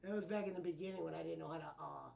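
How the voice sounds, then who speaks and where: A man's voice: on the high side, rapid-fire, gravelly, a little mellow, slight background noise. Laid-back male streamer chatting over clips. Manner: loose, laughing, profane chatter. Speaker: streamer host. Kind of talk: casual stream commentary over old clips.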